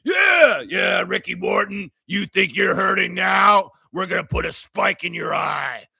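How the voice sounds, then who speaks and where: A man voicing a gravelly, shouting male tag-team wrestler cutting a fierce promo. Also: high-pitched, expressive, measured pace, no echo, clean studio sound, pitched above the performer's own voice, heavily acted. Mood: roaring.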